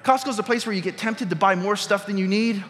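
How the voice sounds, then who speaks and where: A man's voice: high-pitched, fairly quick, fairly bright tone. A middle-aged man preaching a sermon, telling a personal story in a conversational way and asking the audience questions. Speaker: pastor. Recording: reverberant hall with music.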